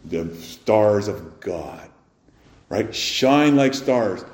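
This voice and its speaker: A man preaching a sermon as pastor, firing rhetorical questions and swinging between loud emphasis and quiet, soft lines. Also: fairly low pitch, animated, takes it slowly, slight background noise. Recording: roomy echo.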